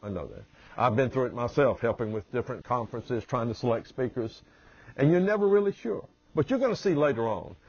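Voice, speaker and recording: A man with a Southern US accent who talks slowly and easily as a humorist and motivational speaker, introducing himself with anecdotes. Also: medium pitch, expressive, darkish tone, slightly rough, dry recording, muffled recording. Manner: slow, drawling delivery. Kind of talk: promotional self-introduction with anecdotes.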